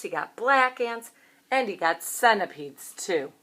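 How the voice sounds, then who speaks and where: A woman, a preschool teacher, reading a picture book aloud to young children in a gentle, expressive way, asking them questions. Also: medium pitch, a little slow.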